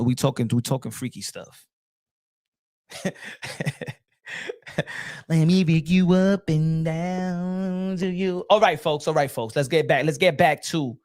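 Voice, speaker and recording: A man's voice: on the high side, no echo, clean studio sound. A man hosting a boxing channel, talking in a casual, rambling monologue full of slang, restarts and emphatic repetition.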